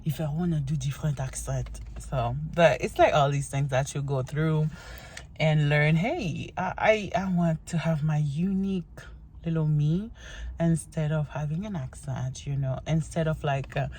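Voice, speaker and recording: A woman's voice: low-pitched, a little slow, a little mellow, a little hiss or hum. A young woman from Haiti with a Haitian accent, chatting casually and encouragingly as she introduces herself on her vlog. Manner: chatty and encouraging, with frequent restarts and "you know". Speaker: vlogger. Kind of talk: casual get-to-know-me vlog.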